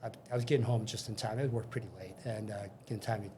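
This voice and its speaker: A man's voice: on the low side, steady tone, quick pace, darkish tone, slight background noise. An older man, a guest in an interview, casually telling career stories and acting out the conversations in them, with frequent restarts. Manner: anecdotal, acts out dialogue, frequent restarts. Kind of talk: casual storytelling.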